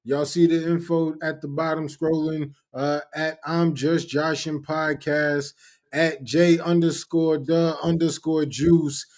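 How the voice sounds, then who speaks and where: A man's voice: on the high side, little pitch movement, slow, darkish tone. A man co-hosting a casual podcast, joking and emphatic. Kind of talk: casual group chat.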